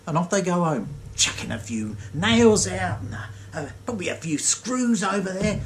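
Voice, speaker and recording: Sarcastic, animated comic ranter. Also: mid-range voice, moderate pace, background noise. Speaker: comic storyteller. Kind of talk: comedic rant monologue.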